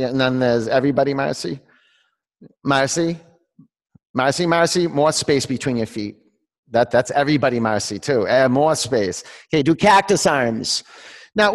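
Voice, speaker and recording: Gravelly-voiced man leading a yoga class. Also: fairly high pitch, long reverb tail. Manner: calls out poses and counts, joking with students. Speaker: yoga instructor. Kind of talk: live yoga class instruction. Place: yoga studio, large room.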